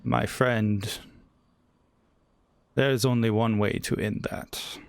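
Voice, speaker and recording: A man voicing a grim, haughty ancient djinni lord who speaks slowly and with scorn. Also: on the low side, fairly even intonation, vocal fry, clean tone, dry recording. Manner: slow, scornful and lordly.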